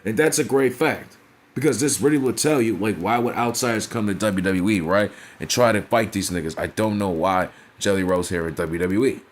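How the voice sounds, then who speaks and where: Man, lower register, casual ranting reviewer, blunt and foul-mouthed, heavy slang. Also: moderate pace. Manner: blunt, profane, slangy, with frequent "you feel me" asides. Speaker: wrestling reviewer.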